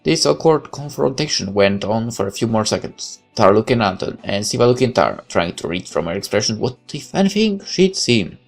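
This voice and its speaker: Deep gravelly man reading a story. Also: big pitch swings, a little fast, few pauses, soft background music. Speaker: narrator. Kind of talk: reading a visual novel aloud with casual asides.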